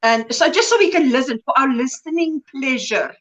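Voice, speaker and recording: A woman's voice: high voice, lively intonation, normal speed, a bit bright, highs cut off. A woman hosting a casual crochet livestream, talking in a gushing, enthusiastic, chatty way.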